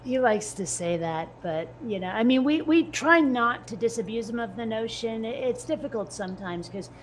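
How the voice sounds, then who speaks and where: A woman's voice: on the high side, expressive, normal speed, slight background noise. A woman in casual chat, firing off dry, teasing comebacks.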